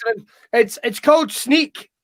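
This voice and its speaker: Scottish male host, higher voice, dry close sound, sweary excitable banter. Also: fairly quick, no room sound. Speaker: podcast host. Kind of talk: casual chat.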